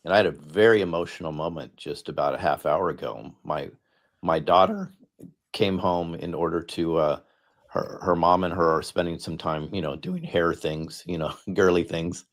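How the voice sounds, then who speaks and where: A man's voice: low-pitched, fairly even intonation, moderate pace. A middle-aged man speaking on a panel, earnest and emphatic, often repeating his words for stress. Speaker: guest speaker, political candidate. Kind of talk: impassioned panel talk.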